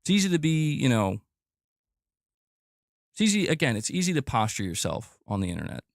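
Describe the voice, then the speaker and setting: A man's voice: big pitch swings, brisk, gravelly, dry recording, clean studio sound. Exasperated man ranting on a stream. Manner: exasperated, repetitive, profane, rising pitch when worked up. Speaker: gaming channel host. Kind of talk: livestream rant reading chat.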